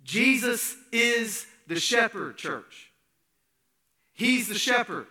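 A man's voice: very high voice, lively intonation, slow pace, bright, forceful tone. A man preaching a sermon, emphatic, repeating key phrases and asking the congregation rhetorical questions. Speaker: pastor.

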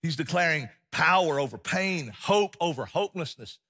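Bright husky-voiced man preaching. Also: fairly high pitch, expressive, moderate pace. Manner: impassioned, repeats phrases for emphasis, drops to a hush. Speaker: pastor. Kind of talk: sermon.

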